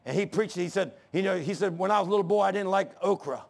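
An older man preaching a sermon, swinging from shouting to hushed storytelling, with a gravelly, husky voice. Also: high voice, quick pace. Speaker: pastor.

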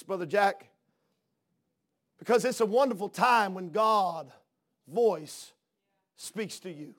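Male preacher, high voice, sermon style, soft-to-loud fervent delivery, repeats words mid-build. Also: normal speed, long pauses. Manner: swings from soft hush to loud fervent outbursts. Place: church.

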